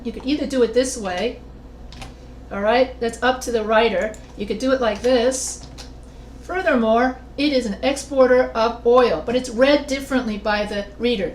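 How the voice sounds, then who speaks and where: Woman teaching a writing class online. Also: fairly high pitch. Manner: explains step by step, quizzes students with questions. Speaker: writing instructor. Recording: roomy echo with faint noise.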